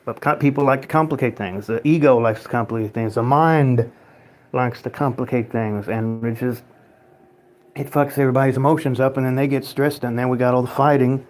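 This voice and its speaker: An American man talks through a livestream in a loose, rambling way. He answers chat comments with sarcasm and the odd curse, and his voice sits at an ordinary, middle pitch. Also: fairly even intonation, a little fast, darkish tone. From United States. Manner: rambling, sarcastic, swears and laughs often. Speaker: livestream host reading chat.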